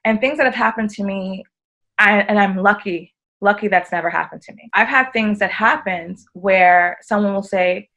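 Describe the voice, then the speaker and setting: An American woman with a mid-range voice speaks at a moderate pace over lo-fi audio. She's a podcast guest, chatting casually and animatedly, acting out quoted dialogue as she tells her stories.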